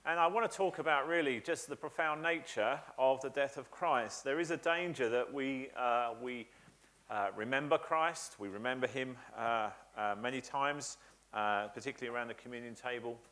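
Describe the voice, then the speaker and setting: A man preaches a church sermon in a mid-pitched voice. He talks earnestly and emphatically, stacking up repeated phrases to drive each point home. Frequent "uh" fillers break up his sentences. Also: moderate pace, a bit bright. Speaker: pastor.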